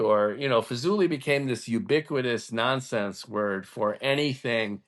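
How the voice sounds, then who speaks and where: A man rants through a story on his podcast, blunt and profane. His voice sits at an ordinary middle pitch for a man, and he talks with emphatic, offhand bluntness. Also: moderate pace, hardly any pauses. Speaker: podcast host. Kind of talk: casual ranting storytelling.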